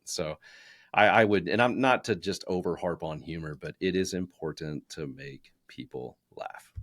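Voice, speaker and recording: A man in his thirties with a deep, fairly bright voice speaks at a moderate pace on a dry recording. Co-hosting a casual podcast chat about personal branding, he talks chattily in loose runs full of fillers and restarts, acting out quotes as he goes.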